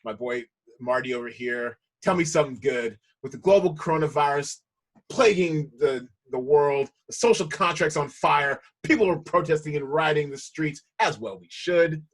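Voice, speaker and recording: A man's voice: on the high side, normal speed. A man hosting a casual film podcast, playful and hyped, laughing often. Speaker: podcast host.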